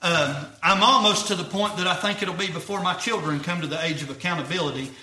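A young man preaches earnestly. His voice is high and very bright, and he circles back over his phrases in plain folksy speech. It all rings through an echoey church room. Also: fast. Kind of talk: sermon.

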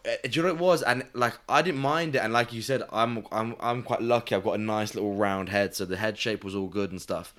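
A man's voice: lowish voice, fast, hardly any pauses, background noise. A man hosting a podcast, chatting casually and rambling through a story with loose swearing. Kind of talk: casual chat.

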